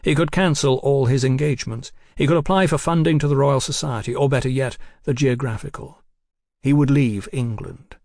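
A man narrating an audiobook in a steady, even storytelling manner. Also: mid-range voice, normal speed, no echo, studio quality.

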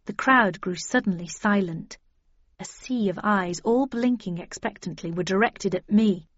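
A woman narrating a story in an even, wry first-person reading. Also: medium pitch, a little slow, no room sound. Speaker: audiobook narrator. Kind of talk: scripted narration. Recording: dull dry lo-fi audio.

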